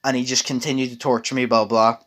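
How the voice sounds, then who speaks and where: A young man tells a long story in a casual chat with a voice of ordinary pitch. He rambles, restarts his sentences often and swears freely. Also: level tone, fast, a bit bright.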